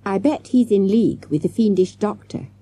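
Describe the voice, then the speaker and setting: A woman reading aloud and voicing an excitable, melodramatic schoolgirl who talks breathlessly and theatrically. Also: mid-range voice, moderate pace, breathy edge, no room sound, pitched above the performer's own voice. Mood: dramatic.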